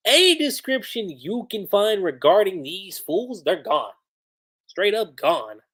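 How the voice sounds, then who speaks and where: A livestream host recapping manga chapters in a casual, excited way, chatty with frequent laughs and lots of "like" fillers. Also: medium pitch, unhurried.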